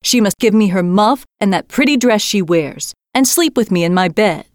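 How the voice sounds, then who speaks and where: A woman's voice: medium pitch, expressive, moderate pace, no echo, clean studio sound, close to an everyday voice. A woman voicing a wild, spoiled little robber girl in a storybook reading, speaking in a bossy, demanding way.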